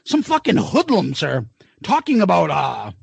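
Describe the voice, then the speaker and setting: A man's voice: high voice, wildly swooping pitch, unhurried, vocal fry, slightly rough, no room sound. A man in his forties, co-hosting a podcast in casual chat, profane and laughing as he tells stories. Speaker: podcast co-host.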